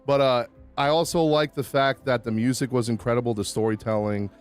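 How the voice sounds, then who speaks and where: A man's voice: medium pitch, steady tone, brisk, smooth, faint music behind. A man from Boston with a Boston accent, a podcast guest talking in a laid-back way with many fillers. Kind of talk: casual podcast chat.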